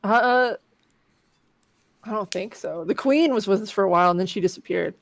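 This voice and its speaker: A woman co-hosting a text adventure stream, chatting casually with playful deadpan jokes and reading story lines aloud. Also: mid-range voice, moderate pace, creaky, dry recording. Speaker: co-host playing a text adventure game.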